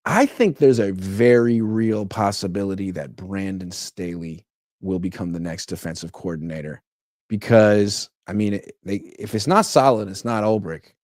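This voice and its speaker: A man's voice: lowish voice, a little mellow, no room sound, studio quality. A man hosting a casual sports talk show, speaking wryly with sarcastic asides. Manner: sarcastic, mock-quoting, wry. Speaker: host.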